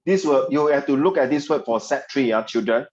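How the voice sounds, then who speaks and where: A man's voice: medium pitch, brisk, a little hiss or hum. A man with a Singaporean accent teaching an online English class, chatty and joking, mixing in local slang. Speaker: English tutor. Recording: dull lo-fi audio.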